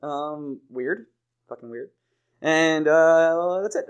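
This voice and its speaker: A man's voice: a little high, takes it slowly, clear, resonant tone. A young man co-hosting a sports podcast in casual chat, joking and laughing through the banter. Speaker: podcast co-host.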